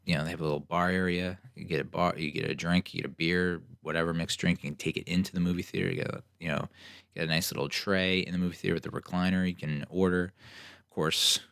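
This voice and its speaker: A young man from New Jersey hosting a podcast, telling stories in a casual, animated, sarcastic way and acting out what other people said. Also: deep voice, fast, creaky, clear, resonant tone, no echo, clean studio sound. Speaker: podcast host. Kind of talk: casual solo storytelling.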